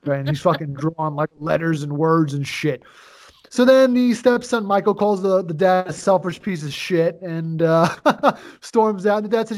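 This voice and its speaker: A man's voice: on the high side, lively intonation, moderate pace. A man co-hosting a podcast, casually retelling a movie plot with constant swearing and rambling asides. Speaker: podcast co-host. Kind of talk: casual movie review chat.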